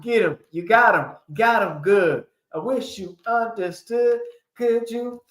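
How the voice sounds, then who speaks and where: Slow, playful man hosting in an echoey room. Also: sits high, a bit bright. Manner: playful, laughing, hyping up picks. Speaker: host. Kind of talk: casual livestream sports chat.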